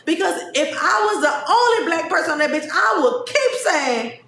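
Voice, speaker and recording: A woman's voice: sits high, big pitch swings, brisk, few pauses, fairly bright tone, roomy sound. A woman hosting a podcast livestream, ranting bluntly and profanely about the news. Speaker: podcast host. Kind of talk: casual livestream commentary.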